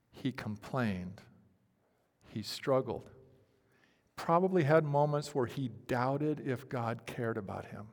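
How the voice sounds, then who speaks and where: Dramatic preaching man in a reverberant hall. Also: mid-range voice. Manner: dramatic delivery, swinging from loud pleading to hushed near-whispers. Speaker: pastor. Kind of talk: sermon.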